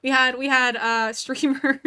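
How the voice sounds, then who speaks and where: A woman's voice: high voice, fairly even intonation, a little slow, bright, forceful tone, smooth. A young woman streaming, chatting casually and laughing a lot while fussing over her cat. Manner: chatty, giggly, distracted, talking to her cat. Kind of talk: casual livestream chat.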